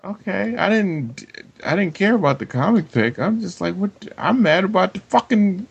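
A man co-hosting a podcast in casual chat, telling stories loudly and animatedly with profanity and shrill mock quotes. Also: animated, normal speed, creaky, breathy edge, dull audio. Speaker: podcast co-host.

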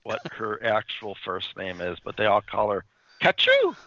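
A man with a low voice and a bright, forceful edge chats casually as a podcast host. He rambles and hesitates, filling gaps with ums and restarts. The lo-fi recording sounds dull and dry. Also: flat delivery, moderate pace, dry recording. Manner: rambling, hesitant, full of fillers. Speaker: podcast host reviewing comics. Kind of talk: casual chat.

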